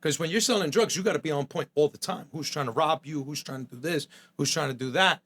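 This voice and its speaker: Middle-aged man from New Jersey, slightly high voice, blunt and profane streetwise storyteller. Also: quick pace, fairly bright tone. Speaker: podcast guest, chef.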